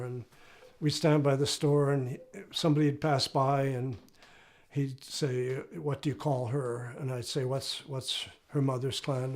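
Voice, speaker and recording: A retired professor from Canada, this older man speaks in a mid-range voice with a darkish tone. During an interview he shares an anecdote from his own life in a relaxed way, frequently checking in with "right?".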